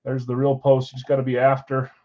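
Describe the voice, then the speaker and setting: A man's voice: mid-range voice, monotone, fast talker, mellow, muffled recording. A man hosting a live card break from a card shop, chatting casually while rattling off names and teams.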